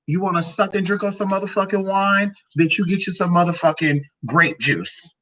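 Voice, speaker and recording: A woman's voice: lowish voice, moderate pace, a bit bright, rough recording. A transgender woman vlogging casually about drinks and food, sassy and profane, rambling from one tangent to the next. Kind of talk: casual product-review vlog.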